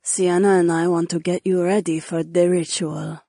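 A man putting on a soft, coaxing young princess. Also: sits high, little pitch movement, moderate pace, creaky, no echo, studio quality, voice pushed up. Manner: soft, coaxing, asks permission. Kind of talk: audiobook character voice.

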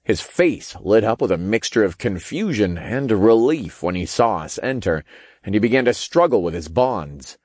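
Low-voiced guy reading a first-person audiobook, lots of ups and downs. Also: expressive, normal speed, a little mellow, no room sound, clean studio sound. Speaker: audiobook narrator. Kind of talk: first-person scripted narration.

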